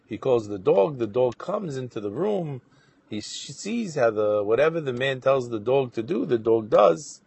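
A man telling a moral story as a Torah lesson, narrating with animated questions and voiced quotes. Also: medium pitch, normal speed, gravelly, breathy edge. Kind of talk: storytelling sermon.

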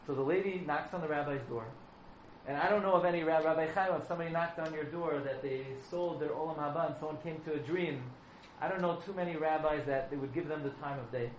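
A male preacher spinning a story with animated, dramatic delivery, his voice sitting somewhat high. The room echoes, and a faint hum of background noise sits underneath. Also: fast. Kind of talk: storytelling sermon.

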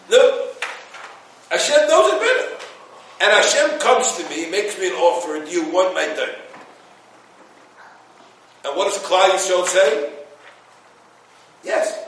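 A man's voice: a little high, fairly bright tone. A man giving an informal Torah talk, telling a story, acting out the quotes and laughing at his own jokes. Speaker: Torah teacher. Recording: echoey room, distant mic, faint noise.

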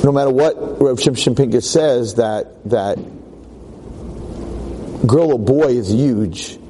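Middle-aged rabbi, lively storyteller to a girls' class. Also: medium pitch, slow, slight background noise, rough recording. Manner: animated, acts out voices in stories. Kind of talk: storytelling Torah talk.

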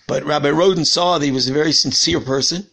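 On the high side, quick, sharp-toned and edged with vocal fry, a man from Washington, D.C., USA teaches a Torah lesson as a rabbi. His earnest, conversational storytelling leans on repeated phrases.

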